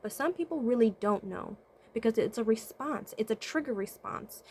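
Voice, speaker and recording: A woman with a slightly high voice speaks fairly quickly against slight background noise. As a vlogger and spiritual consultant, she gives relaxed life advice to camera, asking rhetorical questions and checking in with "right?" She regularly hums "mm-hmm" while mulling things over aloud.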